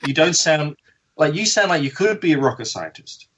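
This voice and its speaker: A man's voice: a little high, expressive, moderate pace, a bit bright, husky. A middle-aged man with an Australian accent, chatting wryly as a podcast guest. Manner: chatty, wry, self-deprecating. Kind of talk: casual podcast chat.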